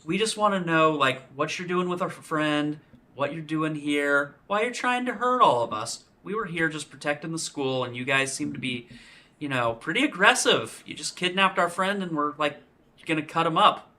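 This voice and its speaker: An earnest young adventurer, as a man puts him on, pitched higher than usual and very bright and sharp. He pleads in a soothing voice in a tabletop game. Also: lively intonation, normal speed. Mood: pleading. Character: young adult male adventurer talking down a foe.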